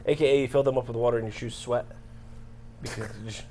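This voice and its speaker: A man's voice: medium pitch, fairly even intonation, fast talker, mellow, faint music behind. A man co-hosting a comedy talk show, rambling and repeating himself as he builds jokes. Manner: rambling, repeats words while building a joke. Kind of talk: casual comedic banter.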